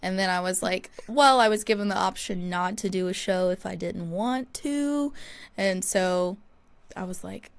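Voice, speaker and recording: A woman's voice: medium pitch, measured pace, a little hiss or hum. Young woman co-hosting a sports show. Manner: upbeat, reads intro smoothly then chats lightly. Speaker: podcast co-host. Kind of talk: casual chat.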